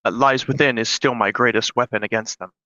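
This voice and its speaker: A man playing in a tabletop game, speaking hesitantly with halting starts. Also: mid-range voice, steady tone, sharp tone, dry recording, muffled recording. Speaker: player. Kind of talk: casual tabletop game chat.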